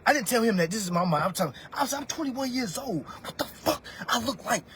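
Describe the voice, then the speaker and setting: A man's voice: very high voice, expressive, fairly quick, fairly bright tone, husky. A man in his thirties ranting on a livestream, preachy and profane, talking straight to his viewers and calling them family. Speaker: livestreamer giving money advice. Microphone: phone.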